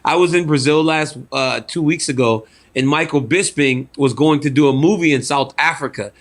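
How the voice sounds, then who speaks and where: A man from Louisiana, a guest in an interview, telling animated stories and often laughing. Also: a little high, normal speed. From Louisiana, USA. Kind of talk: casual chat, storytelling.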